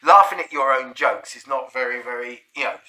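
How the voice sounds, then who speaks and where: A man's voice: medium pitch, fairly quick, pushed and bright, slight background noise. A man voicing a prim, strict schoolteacher woman, scolding. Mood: stern. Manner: stern, scolding.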